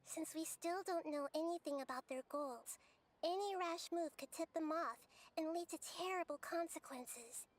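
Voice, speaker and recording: A woman voicing a small, calm goddess of wisdom in a video game, speaking in a measured, gentle way and explaining at length. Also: extremely high pitch. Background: game music.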